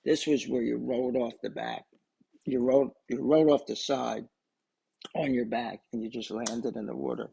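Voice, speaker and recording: A man's voice: medium pitch, fairly even intonation, normal speed, creaky, warm tone, husky, low-quality recording. An older man telling a personal story in a casual, rambling way, often restarting and adding asides. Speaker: storyteller recording memories for his grandchildren.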